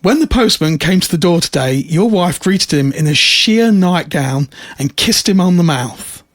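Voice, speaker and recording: A man's voice: high voice, animated, normal speed, no room sound, studio quality. A man doing a cheeky gossiping parrot. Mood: conspiratorial. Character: cheeky talking male parrot.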